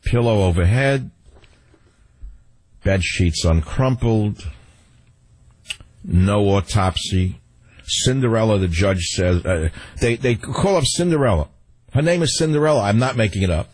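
Man, talk radio host, husky, heated fast rant, tripping over words. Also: fairly low pitch, expressive, a little mellow, low-quality recording. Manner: fast, emotional ranting that runs over its words. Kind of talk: political talk radio monologue.

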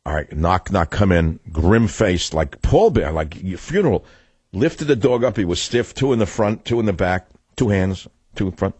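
A New talk radio host with a low, husky voice tells rambling, sardonic stories that drift from one subject to another. His voice sits close and dry on a studio microphone with no room sound around it. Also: expressive, moderate pace, a little mellow, dry recording, soft background music. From New York. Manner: rambling, digressive, sardonic storytelling.

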